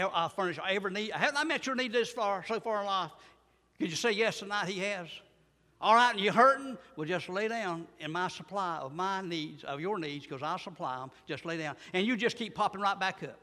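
A man's voice: high voice, pushed and bright, big-room sound. An older man preaching a sermon, telling folksy stories and rising to emphatic bursts.

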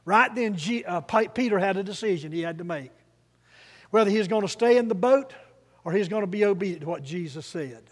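A male preacher with a high voice, delivering a sermon in an emphatic, call-and-repeat style. His voice rings out with a long reverb, the sound of a church hall. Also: animated, fairly quick. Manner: emphatic, has congregation repeat phrases.

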